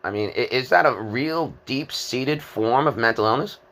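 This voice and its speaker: A man's voice: mid-range voice, moderate pace, fairly bright tone. A man in his fifties giving a rambling, disjointed monologue, hesitant, with many fillers and repeated words. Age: 50s.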